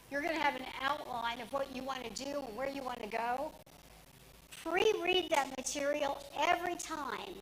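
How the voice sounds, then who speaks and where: A woman's voice: high-pitched, fairly bright tone, slight background noise, rough recording. A woman giving a lesson to a room of trainees, speaking directly and instructively with occasional fillers. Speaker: media trainer. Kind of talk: presentation to a class.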